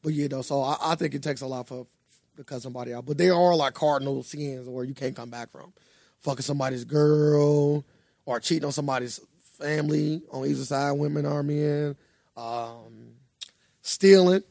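A young man co-hosting a casual podcast, telling a story in an animated, profane way. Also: on the high side, moderate pace, gravelly, no echo, studio quality. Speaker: podcast co-host. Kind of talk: casual chat.

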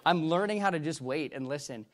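Preaching his personal testimony, this middle-aged man sits on the higher side and sounds animated. His delivery is halting and rambling, full of restarts, and it swings between loud bursts and hushed passages.

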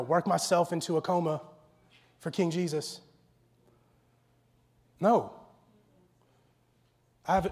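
A man with a high, light voice preaching a sermon. He talks in a casual, conversational way, drops in slang, and moves between hushed, intimate stretches and loud, animated bursts. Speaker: pastor.

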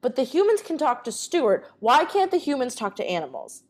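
Woman co-host, casual movie-podcast chat, swings her pitch widely, chatty and profane. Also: brisk. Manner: animated, full of fillers and swearing.

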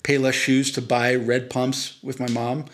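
A man's voice: medium pitch, flat delivery, measured pace. Rambling storytelling man on a podcast. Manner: rambling, self-deprecating, frequent restarts and fillers. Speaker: podcast co-host. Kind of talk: casual chat, storytelling.

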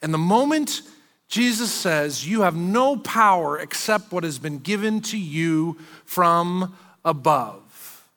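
A man preaching a sermon as pastor, animated and acting out the quoted lines of the figures in the story. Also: high-pitched, measured pace, long reverb tail. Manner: animated, acts out quoted speech.

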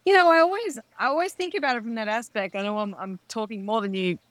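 An Australian woman as a podcast guest, talking in a lively casual way and acting out quoted voices. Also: fairly high pitch, fast talker, no echo.

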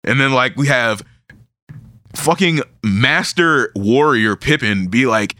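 Male podcast host: bright, dry-sounding voice, loose swearing banter with frequent laughs. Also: medium pitch, slow, no room sound. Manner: animated, swears constantly, laughs often. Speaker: podcast host recapping a manga. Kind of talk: casual chat.

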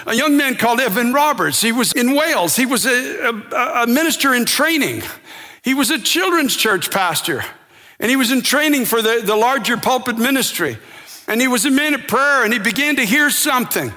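A man preaching a sermon with impassioned delivery that builds to shouting. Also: very high voice, expressive, moderate pace, big-room sound.

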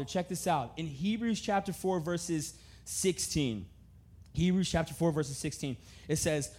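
This sermon comes from a young man with a voice on the high side. He tells stories in a casual, animated way with plenty of laughter, then shifts to something quiet, slow, and earnest.

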